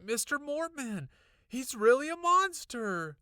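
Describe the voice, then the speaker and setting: A man voicing an excitable young girl who shouts in frantic, breathless outbursts. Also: extremely high pitch, slow pace, clear, resonant tone, no echo, clean studio sound, voice pushed up, heavily acted.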